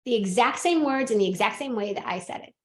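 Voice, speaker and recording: A woman hosting a podcast, telling a personal story in casual chat, animated and laughing often as she acts out what people said. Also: a little high, fast talker, reverberant. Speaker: podcast host and medium.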